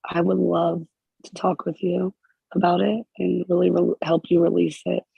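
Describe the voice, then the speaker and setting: A spiritual healer speaking in emotional counseling to a group member, halting and repeating phrases, close to tears. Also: medium pitch, completely flat delivery, vocal fry, slightly rough, no room sound, muffled recording.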